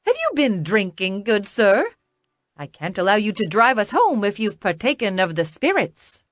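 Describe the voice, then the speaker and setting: A woman's voice: medium pitch, huge pitch swings, moderate pace, no room sound, studio quality. A woman narrator putting on a teasing, overly formal British accent as a character in an audiobook. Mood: mock-posh. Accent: put-on British.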